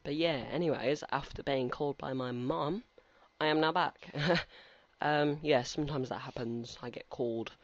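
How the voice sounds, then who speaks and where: A man's voice: on the high side, moderate pace, hardly any pauses. A teenage man giving rambling, chatty let's-play commentary and talking back to game characters. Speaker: gaming commentator. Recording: slightly muffled lo-fi recording.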